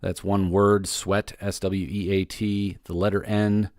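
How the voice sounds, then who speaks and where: Male podcast host, lowish voice, dry close sound, casual rambling solo update. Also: level tone, measured pace, a little mellow, no echo. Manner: loose and rambling, many fillers and restarts.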